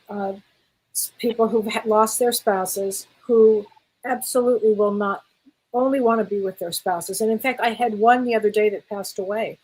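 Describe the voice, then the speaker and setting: A woman's voice: medium pitch, slightly rough, low-quality recording. A woman co-hosting a casual interview, murmuring agreement as she listens and asking questions. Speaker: co-host.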